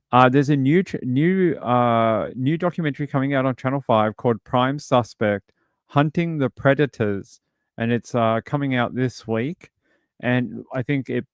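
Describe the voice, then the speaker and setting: A man's voice: medium pitch, no echo, studio quality. A British man hosting a true crime livestream, talking casually and reading out chat messages. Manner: rambling, reads chat aloud. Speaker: streamer host.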